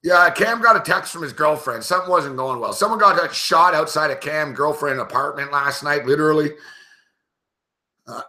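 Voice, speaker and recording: A man talks through live betting commentary in a loose, rambling way, swearing freely and breaking into laughs as he tells a story. His voice sits a little high and comes across bright and forceful. He jumps between the story and quick calls on the game. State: tipsy, recounting a night of drinking. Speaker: sports betting show host.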